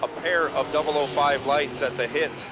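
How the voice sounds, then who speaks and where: A man doing steady play-by-play of drag races, reading names, lanes and dial-ins with dry jokes. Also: on the high side, normal speed, background noise. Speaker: drag racing co-announcer. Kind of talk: live race commentary.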